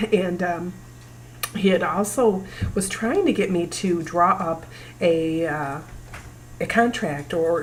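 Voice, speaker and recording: A woman in her forties talking to camera about her family's past, emotional and halting, pausing often. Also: on the low side, slight background noise, poor audio. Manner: emotional, halting, breaks down at times. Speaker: vlogger. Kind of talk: personal talk to camera.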